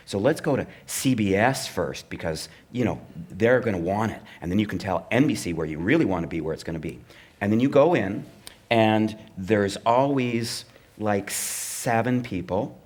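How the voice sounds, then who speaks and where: Wry storytelling middle-aged man, lowish voice. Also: animated, normal speed, darkish tone. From Canada. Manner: wry, anecdotal, acts out the voices of network executives. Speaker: comedy writer and performer, guest. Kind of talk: live onstage conversation, storytelling.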